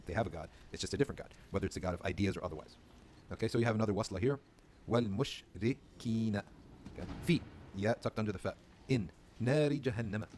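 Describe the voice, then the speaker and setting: A man's voice: lowish voice, a little mellow, slight background noise. A man teaching a video lesson on reading the Quran, spelling words letter by letter and checking in with "okay?" after each point. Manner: patient, repeats words slowly for learners; drills letter by letter, fond of "okay?".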